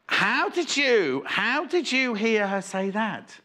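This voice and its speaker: A man's voice: sits high, very animated, slow pace, bright, forceful tone. A man presenting a live TV shopping show, chatting and rambling as he reads out viewer messages. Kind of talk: live TV selling chat. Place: TV studio. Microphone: earpiece and presenter mic.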